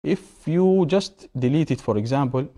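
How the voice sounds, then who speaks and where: A man's voice: a little high, lively intonation, moderate pace, mellow. A male English teacher, explaining grammar rules to a class, repeating key words and asking questions.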